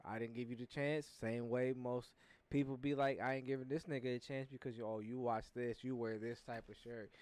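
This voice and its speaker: A man's voice: medium pitch, fairly even intonation, fairly quick, a little mellow, no echo. A young man in a casual chat, telling stories and stumbling over repeated words. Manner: storytelling, repeats words when starting.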